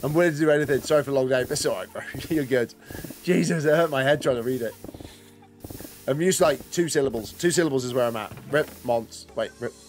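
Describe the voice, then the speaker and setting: A man's voice: medium pitch, quick pace, a little hiss or hum. A man chatting casually while streaming a game, rambling and greeting and answering viewers as he plays. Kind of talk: casual live-stream commentary.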